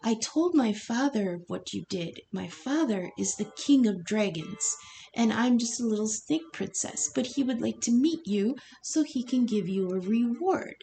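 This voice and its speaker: A woman's voice: on the high side, expressive, measured pace, creaky, warm tone, a little hiss or hum, poor audio. A woman voicing a grateful little female snake princess in a spoken folk tale, raised a little above her own voice. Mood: eager. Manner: pleading, then eager and explaining.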